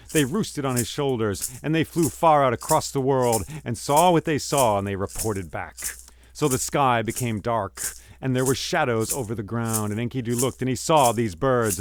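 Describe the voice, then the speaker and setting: A male storyteller telling an ancient myth in a dramatic way, dropping to a hush and rising loud. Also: on the low side, slight background noise. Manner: dramatic, swings from hushed to loud.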